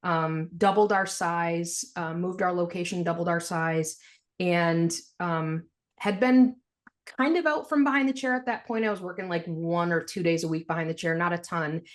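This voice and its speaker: A woman, a podcast guest, telling her story in a frank, animated way and laughing through hard memories. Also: lowish voice, normal speed. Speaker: podcast guest, financial planner. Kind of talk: candid storytelling interview.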